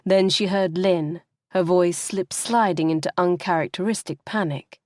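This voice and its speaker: A woman narrating an audiobook in a measured, expressive reading. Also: lowish voice, dry recording. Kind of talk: scripted narration.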